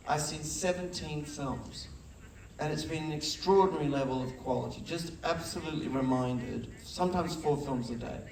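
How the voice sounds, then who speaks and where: Recorded from a distance in an echoey, large festival hall with an audience, a middle-aged film director with a fairly high voice tells stories on stage during a festival conversation. He's an animated storyteller who acts out the quotes.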